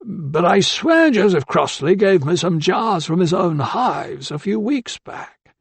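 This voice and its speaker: A man voicing an excitable, fussy old male anatomist in an audiobook, speaking in a raised, insistent, drawn-out way. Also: sits high, gravelly, breathy edge, no echo, pitched above the performer's own voice, exaggerated voice.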